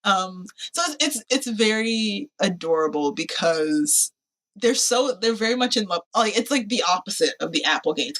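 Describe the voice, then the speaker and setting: A woman co-hosting a podcast, chatting casually through a movie recap and acting out the characters' lines with lots of fillers. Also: fairly low pitch. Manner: animated, acts out quotes with lots of "like" and laughs. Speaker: podcast co-host.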